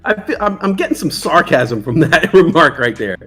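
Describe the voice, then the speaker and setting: A man's voice: on the high side, big pitch swings, normal speed, a bit bright, faint music behind. A man hosting a casual trading livestream, joking around and reading out chat comments. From New York. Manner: playful, jokey, reads chat aloud. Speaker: livestream stock trading host.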